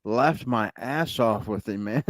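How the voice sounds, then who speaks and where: A man's voice: mid-range voice, a little slow, no echo, clean studio sound. A man co-hosting a casual livestream, chiming in with short reactions and laughing easily. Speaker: co-host.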